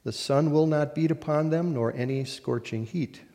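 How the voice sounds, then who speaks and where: A man preaching a sermon as a pastor, reading scripture in a measured, solemn way with deliberate pauses. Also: on the high side, dark tone, big-room sound.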